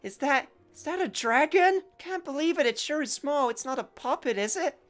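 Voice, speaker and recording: A man's voice: expressive, moderate pace, a bit bright, soft background music. A man voicing a sick, wide-eyed small child in a raised, amazed voice. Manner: high, amazed voice. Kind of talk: reading game dialogue aloud.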